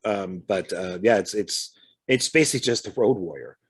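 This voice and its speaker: A man's voice: fairly low pitch, animated, moderate pace, slightly rough. A man co-hosting a casual film chat, chatty and hesitant, often stumbling over his words. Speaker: co-host.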